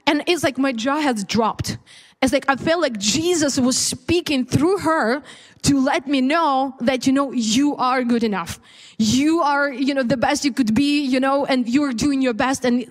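In a large hall at a church service, a high-voiced woman preacher and mother tells a personal testimony as part of her sermon. It's candid and conversational, with lots of fillers and restarts.

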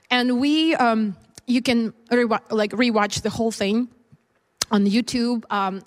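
Candid preaching mother in echoey hall. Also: a little high. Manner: candid, conversational, with many fillers and restarts. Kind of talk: personal testimony within a sermon. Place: church service.

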